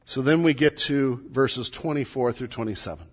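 A man's voice: mid-range voice, moderate pace. A middle-aged man, a pastor, preaching a sermon in a conversational, teaching way with light humor, recorded in a church sanctuary. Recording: long hall reverb.

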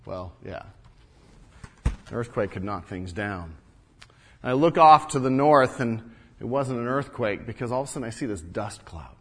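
A man speaks in a mid-range, animated voice at normal speed, leaving long pauses. He plays an earnest, indignant wall-builder and father from ancient Jerusalem, recounting his own story in the first person in a biblical character monologue and stumbling over repeated words.

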